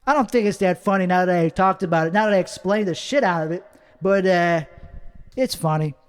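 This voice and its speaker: Man, high voice, put-on accent, profane, rambling, self-critical, solo comedy monologue, home studio. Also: quick pace, clean tone, long reverb tail. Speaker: comedian working out bits.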